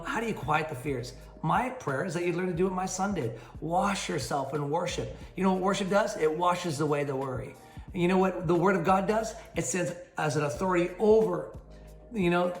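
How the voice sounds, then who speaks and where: Energetic preacher man, roomy sound. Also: on the high side. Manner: energetic, punchy preacher with rhyming catchphrases. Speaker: pastor. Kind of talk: midweek devotional message. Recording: roomy sound with faint music underneath.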